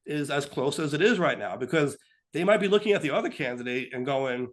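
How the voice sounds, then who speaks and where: Brief: male co-host, animated, mimics voices mid-talk. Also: on the high side, brisk. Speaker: podcast co-host. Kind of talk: casual political talk.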